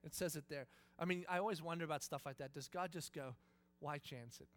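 A male pastor giving a sermon in a church, telling stories in an animated, joking way. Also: a little high, fast. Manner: animated, jokey storytelling.

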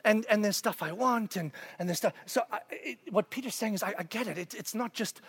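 A male pastor preaching a conversational sermon, asking the congregation questions and swinging between loud emphasis and hushed near-whispers. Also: high-pitched, fairly quick, slightly rough, no echo.

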